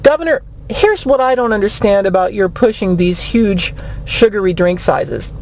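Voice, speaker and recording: A woman's voice: medium pitch, animated, normal speed, a little mellow, a little hiss or hum. Sarcastic woman talk radio host. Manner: sarcastic, mock-polite, teasing. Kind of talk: comedy radio sketch interview.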